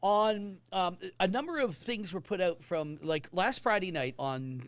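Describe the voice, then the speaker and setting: A man's voice: high voice, lively intonation, fairly bright tone, no room sound. A man hosting a casual talk show, reading out viewer comments and teasing his guests. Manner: brisk, relays comments, teasing. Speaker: host.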